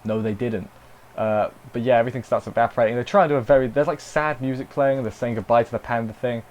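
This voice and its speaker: Casting note: male anime reviewer, mid-pitched, loose and rambling, dry sarcasm. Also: steady tone, fast, darkish tone, lo-fi sound. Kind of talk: casual spoken review.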